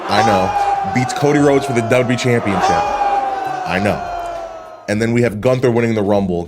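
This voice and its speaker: This is a man doing casual reaction commentary on wrestling, and his voice swings widely up and down as he talks. He is loose and profane, laughs often and trips over his own sentences. A faint bed of music sits behind him. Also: on the low side. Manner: animated, swearing, laughs often, rambling restarts.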